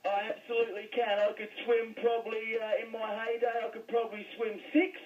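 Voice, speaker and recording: Australian man, high voice, tinny phone line, distant, laid-back, says mate a lot. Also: flat delivery, a little fast, crowd noise. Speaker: sports guest. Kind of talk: casual banter.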